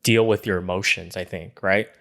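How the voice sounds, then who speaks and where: A man's voice: low voice, steady tone, moderate pace, gravelly, a bit bright. A young man co-hosting a podcast in casual chat, joking and laughing often. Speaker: podcast co-host.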